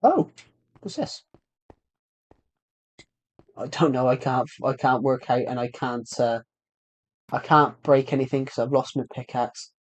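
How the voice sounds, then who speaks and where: This gaming streamer is a young man with a sore throat, speaking at a medium pitch and an unhurried pace broken by long pauses. His live-stream chatter wanders, full of fillers and false starts.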